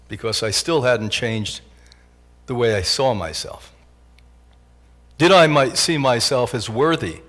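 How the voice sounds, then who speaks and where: An older man gives an animated motivational talk to a live audience and keeps slipping in jokes. His voice sits at an ordinary middle pitch, and he laughs easily at his own lines. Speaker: health institute director giving a talk.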